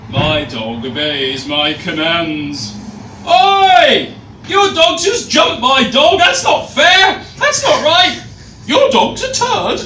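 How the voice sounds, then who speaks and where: A man's voice: extremely high pitch, very animated, slow pace, voice pushed up, heavily acted. A man playing a shrieking, petty dog-show owner. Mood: indignant. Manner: shouting, indignant, boastful. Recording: echoey room, far mic, noisy.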